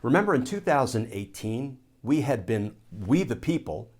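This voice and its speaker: A former Army lawyer from the United States, a man giving solo commentary, explaining points in a measured way and restating phrases for emphasis. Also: medium pitch, very animated.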